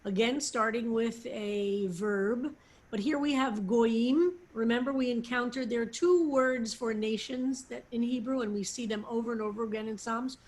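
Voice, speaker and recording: A woman rabbi teaching a psalm class over a video call, explaining slowly with many fillers and restarts. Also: on the high side, darkish tone.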